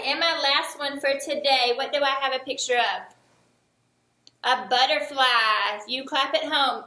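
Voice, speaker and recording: A woman teaching young children a remote lesson, speaking slowly and encouragingly, with each word clearly enunciated. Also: high voice, sharp tone, reverberant. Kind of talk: early-years remote lesson.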